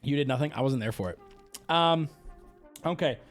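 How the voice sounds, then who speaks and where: A man's voice: mid-range voice, moderate pace, faint music behind. A man streaming live and chatting casually, ranting and swearing, and mimicking people in exaggerated voices.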